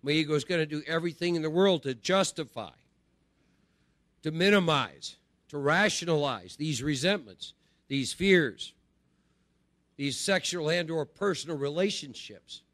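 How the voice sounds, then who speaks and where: A middle-aged man speaks to a recovery group about spiritual practice in a loose, conversational way, repeating phrases and tossing in "right?". His voice sits slightly high for a man. The sound is close and dry, with almost no room in it. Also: normal speed, long pauses, a bit bright, dry recording.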